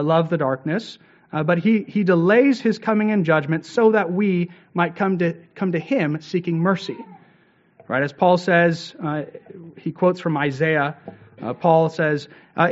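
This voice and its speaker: A man preaching a sermon, earnest and steady, with frequent "uh" fillers and rhetorical "right?" checks to the congregation. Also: fairly high pitch, dull audio. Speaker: pastor.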